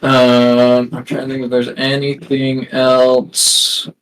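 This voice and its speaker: A man's voice: mid-range voice, completely flat delivery, slow, a bit bright, poor audio. A man running a tabletop game as game master, describing a character in a loose, rambling way with many fillers.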